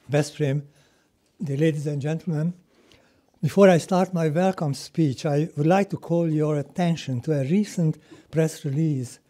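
Older man, formal opening speech, measured reading pace, very dark timbre, husky. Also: on the high side. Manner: measured, read-from-notes delivery with brief self-corrections. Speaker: president of the national UNESCO commission, giving a welcome speech.

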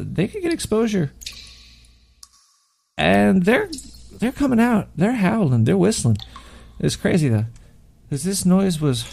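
A man with a very gravelly, fry-heavy voice hosts a radio show, riffing in a rambling, conspiratorial monologue. He swears freely, trips over restarts, and sounds convinced of his own paranoia. His pitch sits a little high and swings around a lot. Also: a little mellow. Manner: profane, stammering, paranoid.

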